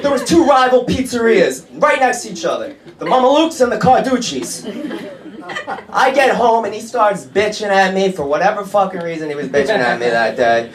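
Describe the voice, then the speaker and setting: A man's voice: high-pitched, animated, moderate pace. A man doing a stand-up comedy set, with a brash, profane, punchy delivery. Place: comedy club stage. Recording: echoey comedy club with laughing crowd.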